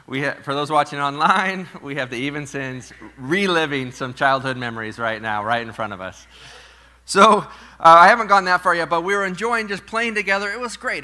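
A man in his thirties preaching a sermon to a live congregation, conversational and storytelling, with playful asides and softer reflective moments. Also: mid-range voice. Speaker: pastor. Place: church sanctuary with live congregation.

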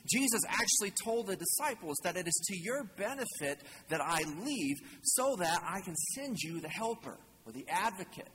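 A man's voice: high-pitched, fairly bright tone. A man preaching a conversational sermon as a pastor, casual and joking, asking the congregation questions. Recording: long hall reverb, faint ambient noise.

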